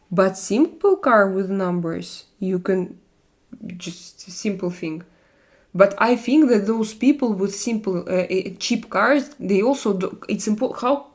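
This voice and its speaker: A Russian-accented woman chats with her viewers on a livestream in hesitant English, stopping often for fillers. Her delivery is slow and unhurried, and her pitch sits in a middle range. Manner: hesitant, halting non-native English with many fillers. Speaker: livestream host. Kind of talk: casual livestream chat with viewers.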